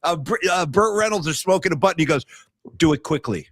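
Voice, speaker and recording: A man co-hosting a casual sports podcast over a video call, from San Francisco, telling animated stories and quoting movie lines. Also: high-pitched, quick pace, no echo. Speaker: podcast co-host.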